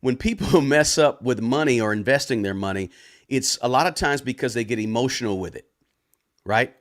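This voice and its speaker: A man hosting a personal finance channel, answering viewer questions live in a loud, casual way and often ending points with a tag question. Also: medium pitch, lively intonation, moderate pace. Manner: talks loud, tag questions, frequent restarts.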